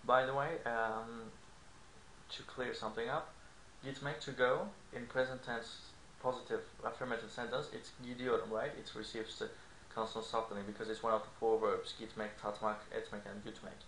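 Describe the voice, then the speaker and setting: A man's voice: mid-range voice, level tone, normal speed, a bit bright. A man explaining grammar in an online language lesson, checking in with frequent "okay?" asides. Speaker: language teacher. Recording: echoey room with faint noise.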